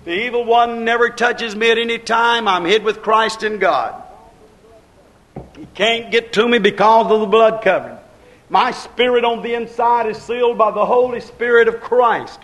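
A man preaching a sermon in a rhythmic, repetitive cadence, drawing out his stresses and rising to shouts. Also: sits high. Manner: preaching with slow, drawn-out stresses and shouted peaks.

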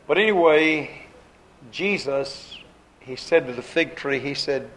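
A man's voice: on the high side, slow pace, fairly bright tone, poor audio. A man preaching a sermon in a folksy, conversational way, repeating his phrases and using plain, homespun grammar.

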